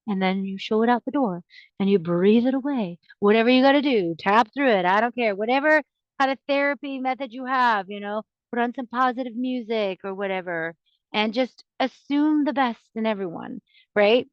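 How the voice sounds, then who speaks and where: A fairly high-voiced woman talks through everyday advice in an earnest, rambling way, often restarting her sentences. The recording is dry and a little dull, with no room sound. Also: normal speed, no echo. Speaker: podcast host. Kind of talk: casual advice talk.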